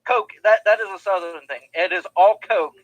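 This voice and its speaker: A man's voice: high voice, normal speed, no echo, dull audio. A man co-hosting a podcast in casual chat, teasing and emphatic. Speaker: podcast co-host.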